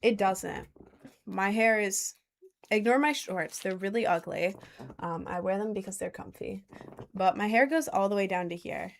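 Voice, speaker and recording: Young woman streamer, casual and slangy, mid-pitched voice, chatting from a chair at home. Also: normal speed, creaky, a little hiss or hum. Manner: chatty, slangy, answers chat with "bro". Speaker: livestreamer reading chat. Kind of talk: casual livestream chat. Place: indoors at home, seated in a chair.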